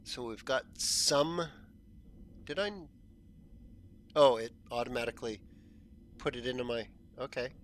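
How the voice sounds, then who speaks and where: A man hosting a gaming channel, chatting casually as he plays, thinking aloud and often clearing a frog in his throat. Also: mid-range voice, a little slow, long pauses, a bit bright. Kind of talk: casual gameplay commentary.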